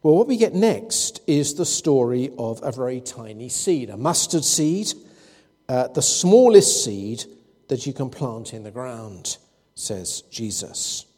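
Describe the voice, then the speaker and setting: A man's voice: mid-range voice, very animated, slow, a little mellow, husky. Man preaching in a reverberant hall. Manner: expository, with anecdotes and quoted dialogue. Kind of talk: sermon.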